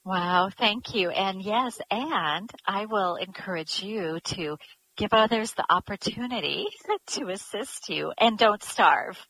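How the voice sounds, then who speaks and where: Woman interviewer, bright voice, husky edge, encouraging, casual. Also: mid-range voice, slow, dry recording, low-quality recording. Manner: warm, encouraging reactions.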